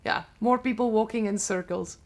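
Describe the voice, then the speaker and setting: A woman's voice: on the high side, moderate pace. A young adult woman with a Serbian accent, chatting casually on a live stream in loose, non-native English.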